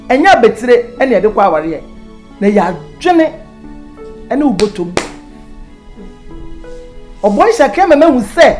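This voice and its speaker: A woman's voice: fairly high pitch, darkish tone. An actress playing a stern woman who lectures firmly. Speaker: film character. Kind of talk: Twi film dialogue.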